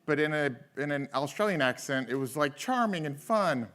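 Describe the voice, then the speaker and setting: Playful conference emcee. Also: male voice, fairly high pitch, lively intonation, normal speed, a bit bright. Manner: playful, chatty. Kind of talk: stage introduction. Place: conference stage.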